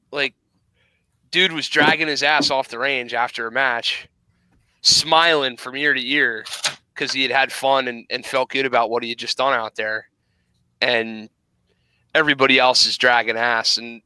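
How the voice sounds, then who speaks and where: A man's voice: medium pitch, level tone, moderate pace, bright, forceful tone, clear, resonant tone, no room sound, poor audio. A man hosting a casual podcast, talking bluntly and enthusiastically with plenty of slang. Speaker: podcast host. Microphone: remote podcast mic.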